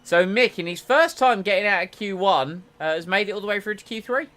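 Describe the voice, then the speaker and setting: A man casually commentating on his own racing game stream, jokey and rambling, getting excitable when the race starts. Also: high-pitched, fairly quick.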